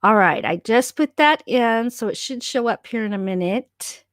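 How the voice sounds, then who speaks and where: A woman's voice: a little high, animated, moderate pace, no room sound, studio quality. A woman co-hosting a casual livestream from her home, chatting and reading viewer comments aloud. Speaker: livestream co-host.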